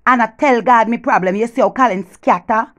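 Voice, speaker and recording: Animated Jamaican woman gossiping on the phone. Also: a little high, fairly quick. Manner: animated gossiping, swings between loud boasting and hushed whispers. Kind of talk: comedic one-sided phone-call monologue.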